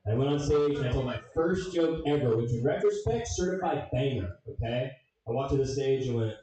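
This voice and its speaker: A young man doing a stand-up comedy set, telling a story with swearing and loud funny voices. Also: medium pitch, normal speed. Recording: echoey room, distant mic.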